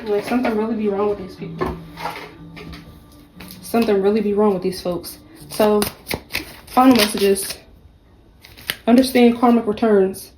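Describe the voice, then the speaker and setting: A woman's voice: medium pitch, fairly even intonation, normal speed, long pauses, over music, poor audio. A woman giving a casual tarot reading, blunt and profane, with sassy, mocking asides. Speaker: tarot reader.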